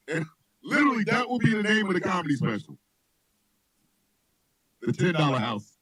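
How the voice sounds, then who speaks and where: This man hosts a radio show and spins rambling comic stories in a high voice that swoops up and down. He laughs a lot and shouts whenever a story peaks. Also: moderate pace, pauses often, crowd noise, poor audio. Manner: loud, laughing, animated storyteller who shouts punchlines. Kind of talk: loose comedic chat with storytelling.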